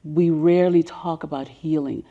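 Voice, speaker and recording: A woman of about seventy with a deep voice gives a seminar presentation on racial healing. She speaks softly and sinks to a whisper on emotional points. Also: steady tone, moderate pace, phone-quality sound. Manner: soft-spoken, sinking to a whisper on emotional points.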